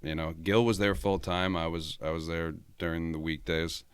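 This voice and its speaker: Chill low-voiced dude swearing through a story, smooth voice, dry close mic. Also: male voice, steady tone, moderate pace, dry recording. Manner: laid-back, swears a lot, laughs often. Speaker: podcast guest. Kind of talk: casual storytelling chat.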